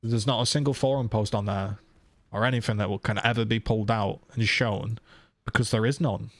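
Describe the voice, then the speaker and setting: A man's voice: on the low side, steady tone, fairly quick, no room sound, studio quality. A man streamer ranting heatedly to his viewers, swearing and firing off rhetorical questions. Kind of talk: casual live-stream rant.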